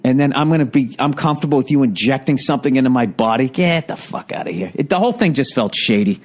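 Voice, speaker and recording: A man's voice: medium pitch, animated, quick pace. A man with a Boston accent telling a profane, exasperated comedic story as a podcast host, acting out the other people in it. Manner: profane, exasperated, mimics others in quoted dialogue.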